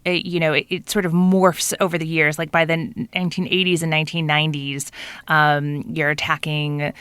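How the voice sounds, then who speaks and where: A woman's voice: low voice, little pitch movement, moderate pace, a bit bright, smooth, no room sound. A woman co-hosting a history podcast, thoughtful and analytical, speaking in long winding sentences. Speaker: co-host of a history show.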